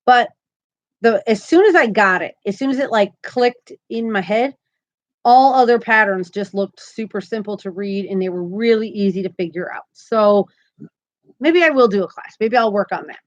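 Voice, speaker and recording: A woman's voice: mid-range voice, animated, normal speed, highs cut off. A woman hosting a crochet live stream, chatting casually and upbeat, often laughing as she talks. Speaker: crochet channel host.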